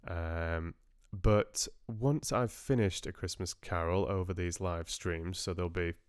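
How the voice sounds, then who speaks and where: Deep, smooth-voiced man chatting on stream. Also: measured pace, no room sound, studio quality. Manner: rambling, hesitant, restarts his sentences often. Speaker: audiobook narrator hosting a live stream. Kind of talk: casual chat with live-stream viewers.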